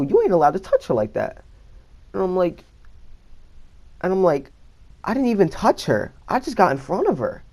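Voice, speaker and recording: A young man telling a storytime tale to the camera in loose, slangy speech. His pitch swings widely as he relives the moment, and he keeps repeating himself. The delivery is casual and expressive. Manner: animated, slangy, repeats phrases. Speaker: storytime vlogger.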